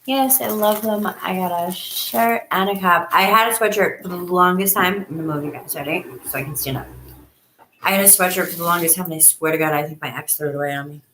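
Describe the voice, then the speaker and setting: A woman's voice: fairly quick, pushed and bright, a little hiss or hum. A woman, hosting a casual live stream from home and chatting effusively with viewers on a webcam. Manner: chatty and effusive, often acts out her own past lines in a higher voice. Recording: echoey room sound.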